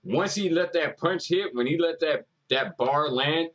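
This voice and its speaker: A man's voice: fairly high pitch, measured pace, fairly bright tone, poor audio. A man hosting a music reaction video, talking casually and emphatically, repeating lyrics and hyping up the artist.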